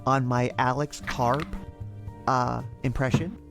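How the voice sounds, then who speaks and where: Dry sarcastic podcast co-host, gravelly. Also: medium pitch, fairly even intonation, takes it slowly, music in the background. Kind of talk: casual chat.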